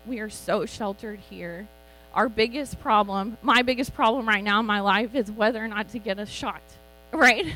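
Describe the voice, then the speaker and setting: A middle-aged woman teaching from the Bible in a loose, conversational way, laughing at herself and asking her listeners questions. Her voice sits at a medium pitch, and a low electrical hum runs under the recording. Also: low-quality recording. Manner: chatty, animated, laughs often. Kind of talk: informal sermon.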